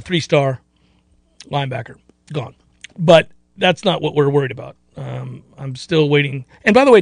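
A man's voice: fairly high pitch, no echo. A man hosting a sports radio show in casual, rambling chat, sometimes slipping into playful mock voices.

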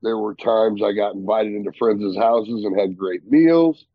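A man's voice: on the low side, unhurried, no room sound, lo-fi sound. A man in casual podcast chat, reminiscing agreeably about childhood. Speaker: podcast co-host.

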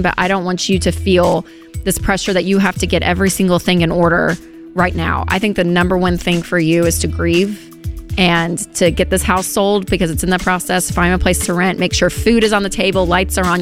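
A woman with a Southern US accent co-hosts a studio advice show. She speaks in a reassuring, friendly way and laughs easily with her co-host. Soft music plays faintly under her voice. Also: fairly low pitch, fairly even intonation, brisk. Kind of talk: advice talk show chat.

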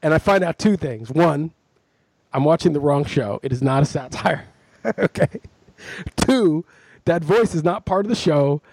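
Husky, mellow-voiced man telling rambling stories. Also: fairly high pitch, lively intonation, unhurried. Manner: rambling, self-mocking storyteller. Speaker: podcast co-host. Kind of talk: casual chat.

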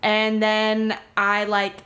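A woman's voice: mid-range voice, completely flat delivery, extremely slow, fairly bright tone. A young woman from Miami telling a story in casual chat, rambling, swearing freely and filling her talk with "like".

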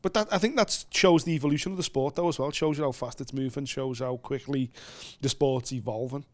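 A man co-hosting a casual fight-sports chat, gushing and excitable, quick to heap praise on fighters. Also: medium pitch. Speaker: podcast co-host.

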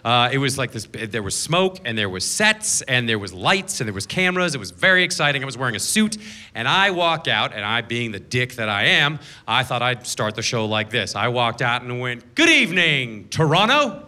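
A man's voice: mid-range voice, lively intonation, normal speed, sharp tone. A man performing a sarcastic stand-up set on a theater stage, slipping into mocking voices for his bits. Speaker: stand-up comedian. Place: theater stage with a laughing audience.

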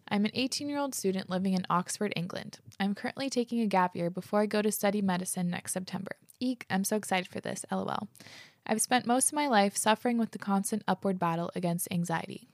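A woman with a mid-range, somewhat dark voice hosts a podcast, reading listener mail aloud and chatting casually. She gushes a lot and fills her speech with "like." The studio recording has no audible room sound.

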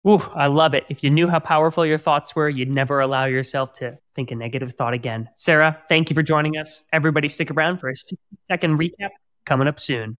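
A man hosting a sales podcast, energetic and enthusiastic, reading sponsor spots and recapping takeaways. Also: on the high side, fast. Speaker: podcast host.

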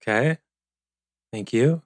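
A man's voice: medium pitch, slow, no room sound. A man teaching an online leadership class over a video call, rambling with playful asides and self-interruptions. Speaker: course instructor.

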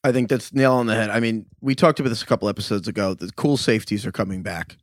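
A man's voice: on the low side, fast talker, dry recording, studio quality. A man co-hosting a casual podcast and steering the segments. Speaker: podcast co-host. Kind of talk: casual chat.

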